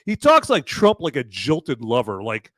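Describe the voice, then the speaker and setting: A man's voice: mid-range voice, huge pitch swings, a little slow, fairly bright tone, dry recording. Brief: middle-aged male host, rambling and mocking, dry close sound. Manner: rambling, sarcastic, filler-heavy. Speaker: podcast host. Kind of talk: casual mocking commentary.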